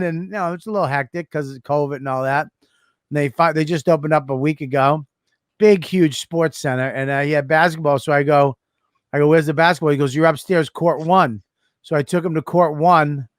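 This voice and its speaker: A man with a Boston accent telling a lively story in casual podcast chat, laughing as he goes. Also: fairly high pitch, brisk, no room sound, clean studio sound. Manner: animated, laughs while telling stories. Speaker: podcast co-host.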